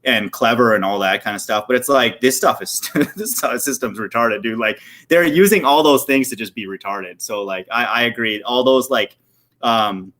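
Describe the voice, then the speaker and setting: A man's voice: mid-range voice, normal speed, fairly bright tone. A man hosting a casual livestream chat, talking loosely in slang with lots of "dude" and "like". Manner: loose slangy talk, says "dude" and "like" often. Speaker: host. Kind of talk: casual conversation on a livestream panel.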